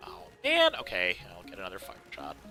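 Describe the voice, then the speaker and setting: A very bright, lively man talks through a co-op game session, his pitch leaping all over as he reacts. He gasps and exclaims at every surprise. Faint game music plays underneath. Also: fairly quick. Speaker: streamer playing a co-op game. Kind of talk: casual gameplay chat.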